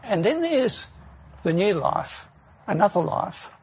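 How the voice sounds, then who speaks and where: A man preaching a sermon, earnest and emphatic, asking rhetorical questions and pausing on key words. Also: high voice, very animated, vocal fry, a little mellow, breathy edge.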